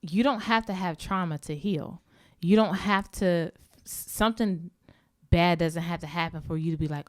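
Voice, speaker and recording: A woman's voice: lowish voice, steady tone, normal speed. A woman hosting a casual conversation, speaking in an earnest, reflective way. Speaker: host.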